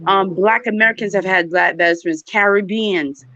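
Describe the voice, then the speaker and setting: A woman's voice: medium pitch, moderate pace, bright, forceful tone. A woman, talking emphatically and directly to her viewers in a casual chat. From New York. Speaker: channel host. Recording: dry, dull lo-fi sound.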